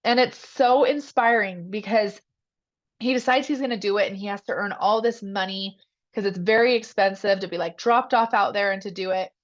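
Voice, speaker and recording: A woman on a team call tells an inspiring story to her group, full of "like" and "you guys". Her pitch sits at an average height, and the sound is a little dull and lo-fi. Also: normal speed. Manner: excited retelling with many "like"s and "you guys".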